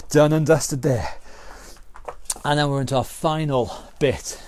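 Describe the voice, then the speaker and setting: British fitness instructor coaching a class. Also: male voice, on the high side, measured pace, a little mellow, a little hiss or hum. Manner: encouraging, counts down and calls out moves. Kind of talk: online exercise class instruction.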